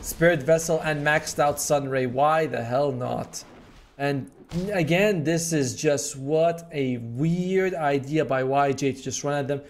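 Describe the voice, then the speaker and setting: A man's voice: on the high side, unhurried, a little hiss or hum. A man giving live color commentary on an esports match, explaining plays in a chatty way and joking with his partner. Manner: chatty, explains, jokes along. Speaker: esports co-caster.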